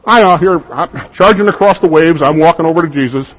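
A man voicing an impulsive, eager fisherman disciple, speaking higher and louder than his own voice, with a slightly husky tone on a dull recording. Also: normal speed, natural voice.

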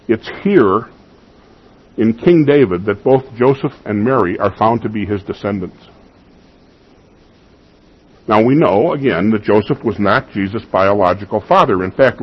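A man's voice: medium pitch, slightly rough, dull audio. A man preaching a teaching sermon, stressing key points and putting rhetorical questions to his congregation. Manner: teaching, emphatic, asks the listeners rhetorical questions. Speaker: pastor. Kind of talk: expository sermon.

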